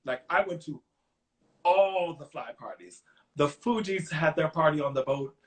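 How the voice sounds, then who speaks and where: A middle-aged man, a songwriter guest in an interview, telling lively anecdotes and acting out other people's lines, earnest and openly emotional when he reflects. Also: fairly high pitch, a little slow. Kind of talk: conversational interview storytelling.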